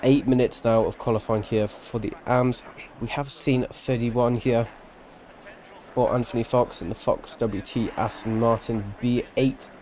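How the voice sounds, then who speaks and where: A man's voice: medium pitch, steady tone, a little slow, a little mellow, a little hiss or hum. A man giving live-streamed sim racing commentary, chatty and rambling, with self-deprecating asides and a tired edge.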